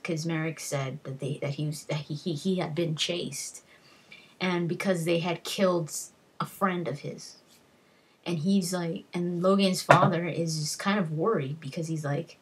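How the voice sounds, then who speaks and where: A woman with a low, breathy voice talks through a book's plot in a loose, unscripted way. She circles back on herself and fills gaps with "like" and "you know" as she retells each scene. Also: fairly even intonation, measured pace. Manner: rambling retelling with frequent "like" and restarts. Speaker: book reviewer. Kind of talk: casual spoken book summary.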